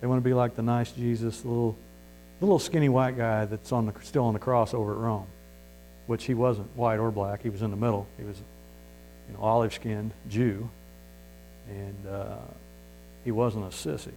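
A man's voice: on the low side, steady tone, normal speed, warm tone, low-quality recording. A man preaching a sermon in a folksy, emphatic way, his voice rising to stress a point. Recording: mains hum.

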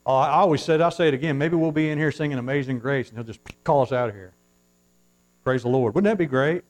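This pastor preaches from the pulpit with a medium-pitched voice at a quick pace, recorded roughly. His delivery swings between hushed remarks and fervent, loud surges, and he reads scripture in formal old-style phrasing inside the church.

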